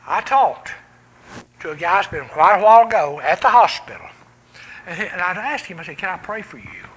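A man preaching with real fervor, his high, bright voice climbing and falling in wide swings. He leans hard into loud calls, then drops to near-whispers. A faint hum of room noise sits under him. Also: expressive, a little fast, poor audio. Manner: impassioned, swings from loud cries to quiet hushed lines. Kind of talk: sermon.

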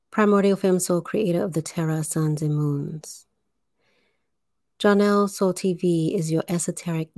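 A woman hosting a spiritual livestream, speaking deliberately, enunciating carefully and guiding listeners through breathing. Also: lowish voice, a little mellow, no echo, studio quality. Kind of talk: slow spiritual livestream talk.

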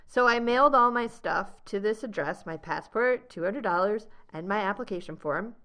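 A young American woman hosting a travel podcast, telling a story in a lively, laughing way. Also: mid-range voice, normal speed. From United States. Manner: animated storyteller, laughs often. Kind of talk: casual storytelling chat.

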